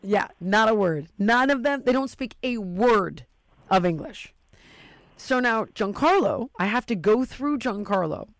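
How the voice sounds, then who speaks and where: A woman's voice: a little high, expressive, unhurried, dry recording. A woman in casual chat, telling a long story and acting out the voices of the people in it.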